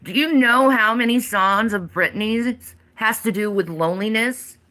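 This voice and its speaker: Bright-voiced woman in her forties, ranting. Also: on the high side, measured pace. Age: 40s. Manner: heavy profanity, defiant and emphatic. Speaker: livestreamer. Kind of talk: ranting livestream monologue.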